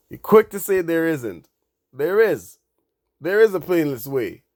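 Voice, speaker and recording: A man commenting on the news. He reads news out, then reacts indignantly, stumbling into restarts and rising in pitch and volume when he gets angry. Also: sing-song, slow pace, a little mellow, dry recording, clean studio sound. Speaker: crypto commentator.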